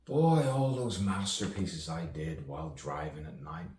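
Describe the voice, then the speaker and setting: A man's voice: very deep voice, unhurried, a little mellow. A man rambling in a self-recorded monologue, musing and sardonic, asking himself questions and laughing at himself. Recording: echoey room, distant mic, faint background noise.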